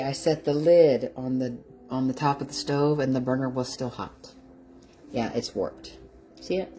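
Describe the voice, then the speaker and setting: Middle-aged woman, low mellow voice, effusive and teary live-stream host in a home kitchen. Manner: warm, effusive, greets viewers by name. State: teary-eyed. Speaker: keto lifestyle livestream host. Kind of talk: casual livestream chat.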